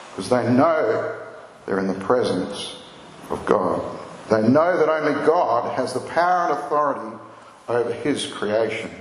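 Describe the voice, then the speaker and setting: Male pastor, earnest sermon delivery, reverberant church hall with faint room noise. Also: a little high. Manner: earnest storytelling, rising for emphasis. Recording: echoey hall with long reverb, faint ambience.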